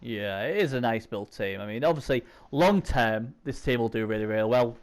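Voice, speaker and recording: A man's voice: mid-range voice, animated, fairly quick. A man hosting a casual gaming preview chat, his voice strained by a sore throat, rambling with lots of fillers. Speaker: host.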